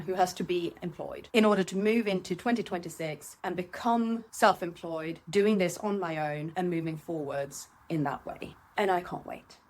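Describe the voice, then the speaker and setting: A middle-aged woman hosting a reflective solo podcast, candid and animated, talking from her home. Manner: candid and animated, voice jumps high when acting out her own thoughts. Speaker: podcast host. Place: seated at home.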